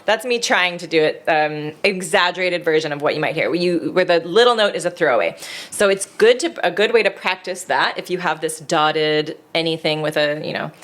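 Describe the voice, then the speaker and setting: A woman's voice: deep voice, moderate pace, fairly bright tone. A woman co-hosting a podcast, explaining horn practice technique in a casual teaching chat, laughing often as she goes. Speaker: podcast co-host, horn player.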